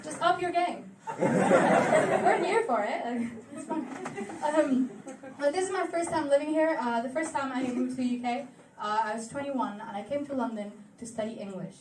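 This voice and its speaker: A high-pitched young woman with an Argentine Spanish accent works through a stand-up set, delivering deadpan one-liners and laughing at her own jokes. Her voice carries from some distance off the mic in a roomy club. A loud audience laughs and cheers behind her. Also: moderate pace, crowd noise, noisy background. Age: 20s. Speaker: stand-up comedian. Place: comedy club stage.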